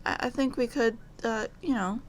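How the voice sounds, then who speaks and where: A woman's voice: a little high, normal speed, slight background noise, close to an everyday voice. A woman voicing a stammering shy male wraith. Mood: awkward, nervous. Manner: stammering, hesitant, soft-spoken. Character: shy awkward male wraith, nervous and lonely.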